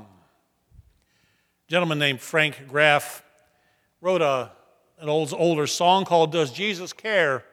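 High, bright-voiced pastor preaching in a hall. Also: male voice, takes it slowly, long pauses. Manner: earnest, varying between soft and emphatic. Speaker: senior pastor. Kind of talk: sermon. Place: church sanctuary. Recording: long hall reverb.

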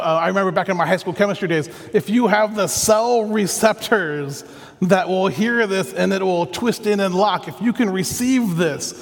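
A man preaches a sermon in an earnest, conversational way, as if thinking aloud. His voice sits a little high for a man. A long reverb trails each phrase, as in a large hall. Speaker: pastor.

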